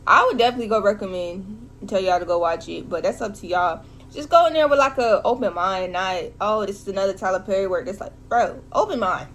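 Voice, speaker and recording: A young woman recapping a film in a casual vlog, talking in an animated, slangy, emotional way. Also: mid-range voice, fairly quick, few pauses, a little hiss or hum. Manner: animated, slangy, emotional talk full of "like" and "bro". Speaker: vlogger reviewing a film.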